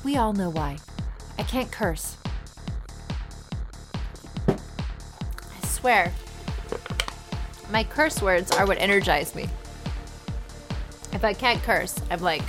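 A woman's voice: medium pitch, animated, slow pace, long pauses, over music. A woman reading fairy tales aloud as host, breaking off into sarcastic, mock-exasperated commentary. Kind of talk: comic storytelling reading with running commentary.

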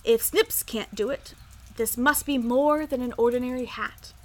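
Woman doing a loud blustering king. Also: fairly high pitch, normal speed, lightly acted. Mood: commanding. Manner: loud and commanding. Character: blustering impatient male king.

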